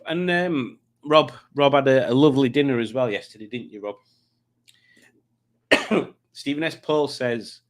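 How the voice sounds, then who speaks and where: A man's voice: medium pitch, a little slow. A man hosting a casual livestream, chatting and teasing as he reads out viewers' comments. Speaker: livestream host reading chat.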